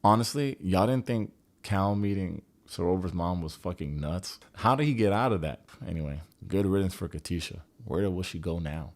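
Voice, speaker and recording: A man's voice: low-pitched, lively intonation, normal speed, darkish tone. A man hosting a casual reality-TV recap, sarcastic and profane, with joking asides. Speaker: TV recap host.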